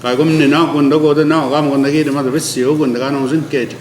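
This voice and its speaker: An older man giving an oral history, earnest and emphatic, mixing an Indigenous language with English, often dropping to a low quiet tone. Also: flat delivery, quick pace, slight background noise. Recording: echoey room with faint ambience.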